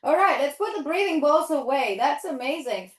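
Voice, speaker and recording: A woman's voice: high voice, lively intonation, normal speed. A woman leading a toddler yoga class in a sing-song, encouraging way, with playful animal sounds. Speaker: children's yoga teacher. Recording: echoey room.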